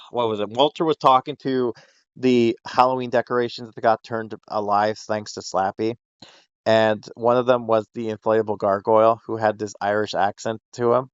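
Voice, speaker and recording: A man's voice: on the low side, clean tone, no echo, muffled recording. A man hosting a casual podcast chat, rambling and swearing freely, laughing often and acting out quotes. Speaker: podcast host.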